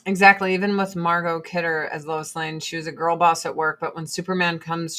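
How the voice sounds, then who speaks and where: A woman in her forties chatting casually and profanely on a livestream, answering chat between product pitches. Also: little pitch movement, a little fast, hardly any pauses, sharp tone. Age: 40s. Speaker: livestream host and Avon seller.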